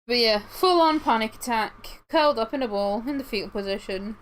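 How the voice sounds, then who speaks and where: A woman's voice: a little high, a little fast, rough recording. Chatty young woman streamer. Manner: rambling, animated, lots of fillers and restarts. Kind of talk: casual storytelling while livestreaming.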